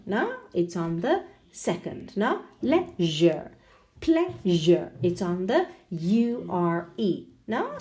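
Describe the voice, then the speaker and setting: A woman teaching English pronunciation online. She often tags her sentences with a questioning "no?" and spells out and exaggerates sounds slowly for learners. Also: medium pitch, a little mellow. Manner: ends many sentences with a questioning "no?".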